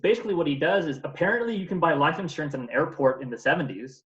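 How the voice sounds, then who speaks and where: A man's voice: on the high side, racing, a bit bright, roomy sound, lo-fi sound, slight background noise. A man co-hosting a casual movie review podcast, retelling scenes and acting out the characters' lines. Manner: chatty, retells scenes with little voices. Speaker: podcast co-host.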